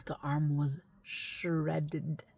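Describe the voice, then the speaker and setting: Low-voiced woman telling a story. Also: flat delivery, drawn-out words, vocal fry, slightly rough. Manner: conversational, emphatic, sometimes hushed. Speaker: esthetician telling a client's story. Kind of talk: casual storytime.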